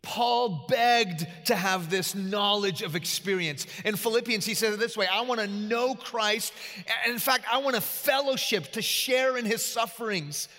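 A male pastor preaching a sermon, telling stories with loud emphatic peaks and quiet asides. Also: high voice, a little slow, in a large hall.

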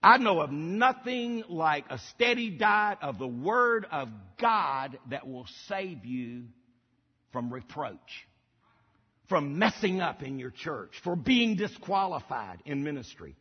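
A man's voice: a little high, big pitch swings, slow pace, slightly rough. Man preaching emphatically in a reverberant hall. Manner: emphatic preaching with repeated phrases. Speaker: pastor. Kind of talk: sermon. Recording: dull lo-fi audio with long hall reverb.

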